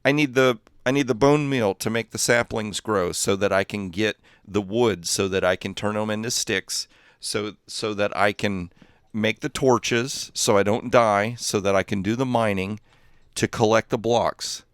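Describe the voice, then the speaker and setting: A man's voice: on the low side, steady tone, unhurried, clear, resonant tone, no room sound, studio quality. A man chatting casually while livestreaming a game, rambling and easily distracted, often laughing at his own jokes. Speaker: gaming livestreamer.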